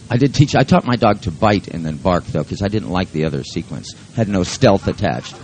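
A man leads a workshop in a low voice that rises and falls a lot, rambling off topic, cracking jokes and swearing freely. A faint noise sits behind him. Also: expressive, fairly quick, a little mellow, low-quality recording. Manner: rambling, joking, profane. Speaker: seminar leader. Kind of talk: live workshop talk.

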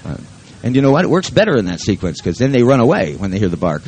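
A man's voice: mid-range voice, sing-song, fast, darkish tone, low-quality recording. A man leading a live workshop who talks in a rambling, joking and profane way. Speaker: seminar leader.

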